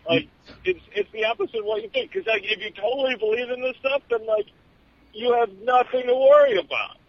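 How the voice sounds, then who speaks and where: A man in casual political banter, joking drily and pausing often with "uh". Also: extremely high pitch, expressive, no echo. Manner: dry jokes, halting with many uhs. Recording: dull lo-fi recording.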